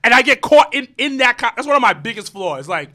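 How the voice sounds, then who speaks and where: A man chatting casually on a podcast, animated and quick, acting out arguments as he talks. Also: very high-pitched. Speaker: podcast co-host. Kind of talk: casual chat.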